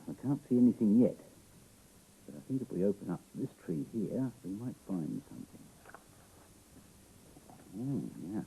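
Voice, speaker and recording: A middle-aged Australian man reads a picture book to small children, his low voice gravelly and a little husky. He plays it up with lively swoops, gasps and exclamations, keeping it playful throughout. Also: measured pace, long pauses, poor audio. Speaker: children's TV presenter.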